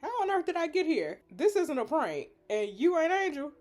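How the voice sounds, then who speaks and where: A woman's voice: high voice, big pitch swings, moderate pace, a little mellow, soft background music. A young woman playing a story game, reading its lines aloud with giggly, slangy banter.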